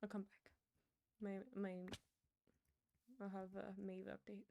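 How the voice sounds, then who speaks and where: A woman streaming and chatting as she plays, her talk loose and rambling. Her voice carries a steady gravelly fry at a middle pitch. She speaks into wired earbuds, with a faint hiss underneath. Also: takes it slowly, lo-fi sound. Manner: rambling, chatty storytelling with frequent laughs. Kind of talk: casual chat while gaming. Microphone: wired earbuds with a headset mic.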